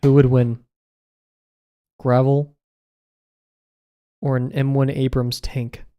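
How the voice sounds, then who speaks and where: A man's voice: medium pitch, level tone, slow pace, mellow. A young man streaming as he draws, chatting casually in a rambling, amused way and often correcting himself. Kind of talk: casual chat while drawing on stream.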